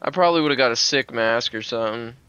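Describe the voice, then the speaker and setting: A man giving casual gameplay commentary, excitable and swearing often, with sudden loud outbursts. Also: mid-range voice, fast, clean tone, highs cut off. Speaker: gameplay streamer.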